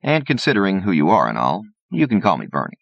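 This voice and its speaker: A man voicing a brash, quick-tongued male bartender and gambler who talks back, in a cocky, argumentative way, on a dull, lo-fi audiobook recording. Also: sits low, huge pitch swings, no room sound, pitched above the performer's own voice, exaggerated voice.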